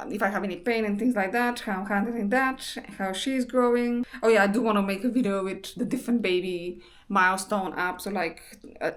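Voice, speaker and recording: A woman's voice: medium pitch, fairly bright tone. Young woman, casual vlogger, chatty, informal, filler-heavy delivery. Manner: chatty, many fillers and restarts. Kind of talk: casual chat.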